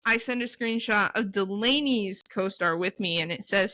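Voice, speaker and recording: A woman's voice: medium pitch, normal speed, bright, forceful tone, low-quality recording. A young woman in her twenties co-hosting a casual podcast, telling a story with lots of swearing and reading old texts aloud in a rush. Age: 20s. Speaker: podcast co-host. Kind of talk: casual chat.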